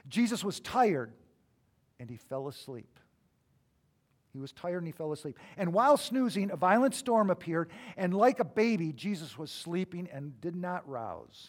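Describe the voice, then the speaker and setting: A middle-aged man with a high voice delivers a sermon. He is animated, jumping from loud, emphatic bursts to hushed, low asides as he tells stories to the congregation. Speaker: pastor.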